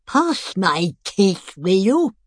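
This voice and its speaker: A woman voicing a frail, bedridden old woman who is mischievous and sharp-tongued, giving bossy orders in a teasing way. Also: medium pitch, sing-song, extremely slow, no room sound, clean studio sound, heavily acted.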